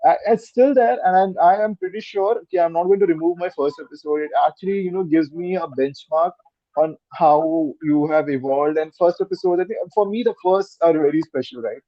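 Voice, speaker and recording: Indian guy rambling on a podcast, kinda high voice, dry muffled mic. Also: fairly quick, dry recording. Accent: Indian English. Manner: rambling, repeats words, mixes Hindi into English. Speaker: podcast guest. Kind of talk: casual interview chat.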